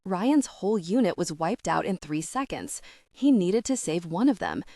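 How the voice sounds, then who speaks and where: A woman reading the lines of a weary young female soldier in a quiet voice. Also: fairly low pitch, very animated, moderate pace, gravelly, no echo, studio quality, full character voice.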